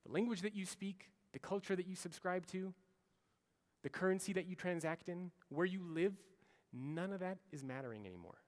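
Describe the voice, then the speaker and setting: A man's voice: high voice, normal speed. A man in his thirties giving a storytelling keynote speech, acting out the lines he quotes. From United States. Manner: animated storyteller, acts out quoted orders. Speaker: keynote speaker. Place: large conference hall. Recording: long hall reverb.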